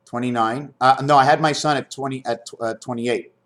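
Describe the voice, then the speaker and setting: A man in his fifties rambling through a spiritual monologue to camera, swinging between high loud bursts and low muttering. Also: fairly even intonation, normal speed. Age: 50s. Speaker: vlogger.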